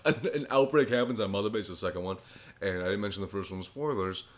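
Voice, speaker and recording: A man co-hosting a podcast, with a low voice, recapping a story in a rambling, profane casual chat. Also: quick pace. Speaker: podcast co-host.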